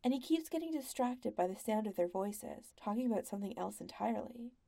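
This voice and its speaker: A woman narrating a story in an even, measured audiobook style. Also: medium pitch, gravelly.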